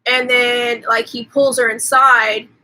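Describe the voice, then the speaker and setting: A woman's voice: on the high side, little pitch movement, sharp tone, low-quality recording. A woman hosting a livestream, casually retelling a film's plot, with "like" in nearly every phrase and offhand swearing. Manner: rambling, fills every pause with "like", swears casually. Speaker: host. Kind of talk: casual movie recap on a livestream.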